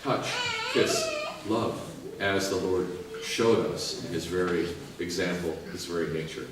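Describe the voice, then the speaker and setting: A male priest preaching a sermon, lively and joking as he urges the listeners on. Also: sits low, unhurried, very noisy. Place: large church. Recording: echoey church from far off.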